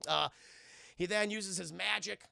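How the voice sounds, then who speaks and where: Gravelly man recapping a cartoon for chat. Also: high-pitched, measured pace, bright, forceful tone, dry recording, studio quality. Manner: crude, joking, addresses chat. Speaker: streamer reviewing a cartoon. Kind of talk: casual live-stream recap.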